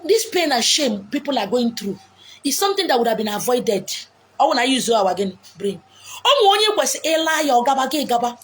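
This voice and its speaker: A woman with a Nigerian Igbo accent giving blunt, forceful relationship advice outdoors, mixing English, Pidgin and Igbo. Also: a little high. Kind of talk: outdoor monologue. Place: beach outdoors.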